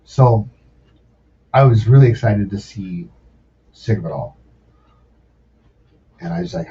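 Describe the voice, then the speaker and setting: A man in his forties, a podcast guest and ex-sous chef, talks at a normal speed in a voice on the low side, pausing often. His stories ramble, swear, and bounce with animation in a casual chat; the distant mic yields a dull lo-fi recording with faint background noise.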